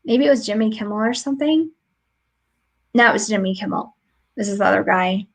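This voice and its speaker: A woman's voice: medium pitch, a little fast, rough recording. A woman podcast host chatting casually from home over a remote stream, telling stories and laughing often. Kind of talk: casual chat.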